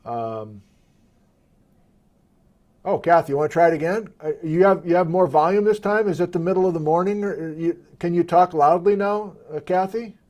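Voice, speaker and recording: Running a live question-and-answer stream from his desktop, this man speaks in a high voice at normal speed. His tone is casual, and he thinks aloud as he handles the software.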